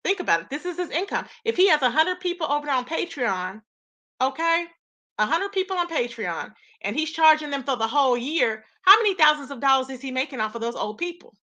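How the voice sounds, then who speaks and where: A woman's voice: high-pitched, animated, a little fast, bright, forceful tone. A woman talking casually to her viewers in a vlog, telling a story with indignation and emphatic asides. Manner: emphatic repeated tag questions. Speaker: YouTuber.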